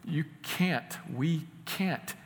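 A man preaching a sermon, earnest, swinging between loud emphatic lines and quiet asides. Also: on the high side, extremely slow. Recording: long hall reverb.

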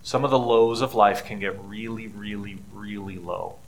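A middle-aged man preaching a sermon in an earnest, conversational way, building to emphatic peaks and dropping to quiet, tender passages. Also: lowish voice, steady tone, normal speed, a little hiss or hum. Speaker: pastor.

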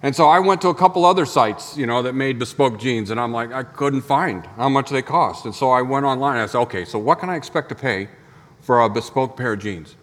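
A man's voice: mid-range voice, brisk, a bit bright, big-room sound. A man preaching a sermon as pastor, in a conversational storytelling manner full of rhetorical questions. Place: church sanctuary.

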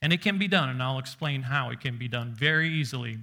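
A man's voice: mid-range voice, fast talker, creaky, sharp tone. A man preaching a sermon as pastor, emphatic and stressing single words, reading scripture aloud with rising force.

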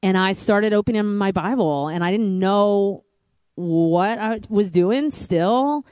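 A woman's voice: slow pace, darkish tone, clear, resonant tone, no echo. Earnest woman telling her testimony. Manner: earnest, says "like" often, voice rises high with emotion. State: near tears. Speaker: guest, future church planter. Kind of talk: personal testimony.

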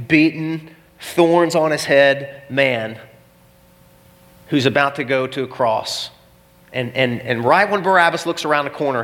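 A man's voice: medium pitch, a bit bright. A man preaching a sermon, telling the story dramatically and acting out the scenes. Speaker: pastor. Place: church. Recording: long reverb of a church hall.

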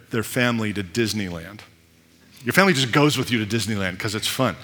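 Bright-voiced man preaching a sermon. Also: medium pitch, long reverb tail. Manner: conversational preaching with self-deprecating asides. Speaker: pastor.

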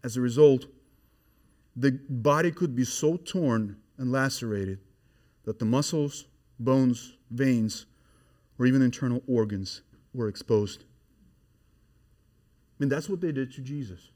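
A man's voice: mid-range voice, slow pace, pauses often. Emphatic man preaching a sermon. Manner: emphatic, swinging from quiet to loud and excited. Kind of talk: expository sermon.

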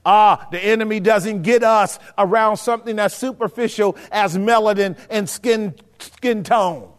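A man's voice: high voice, measured pace. A male pastor preaching a sermon in a conversational way, often checking that his listeners are keeping up. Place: church hall with a live audience. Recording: long hall reverb.

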